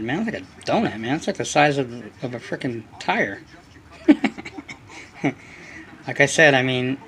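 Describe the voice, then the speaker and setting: A man's voice: fairly high pitch, fairly bright tone. A man hosting a hobby channel, giving a casual, rambling workshop explanation full of fillers. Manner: rambling, loose, many fillers.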